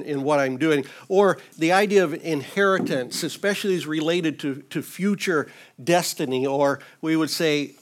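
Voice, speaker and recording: Male Bible teacher with a slightly high voice who explains scripture conversationally, earnest with a light touch of humor. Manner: informal and earnest, with light humor and frequent "you know".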